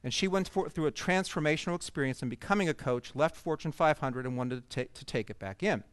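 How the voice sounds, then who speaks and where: Lively male conference storyteller. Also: fairly high pitch, fast, smooth, no echo. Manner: humorous, expressive storyteller. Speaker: conference speaker. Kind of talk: storytelling keynote talk to coaches. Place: event stage before an audience.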